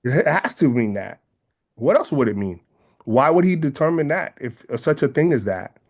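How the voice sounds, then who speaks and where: A man from the San Francisco Bay Area with a Bay Area accent, speaking as an interview guest in an earnest, measured way and often rephrasing his ideas. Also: mid-range voice, sing-song. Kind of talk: reflective interview conversation.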